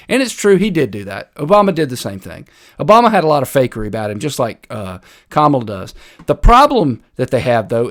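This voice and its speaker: A man with a North Carolina Piedmont Southern accent hosting a livestreamed political commentary show, talking casually with frequent filler words. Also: mid-range voice. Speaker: host.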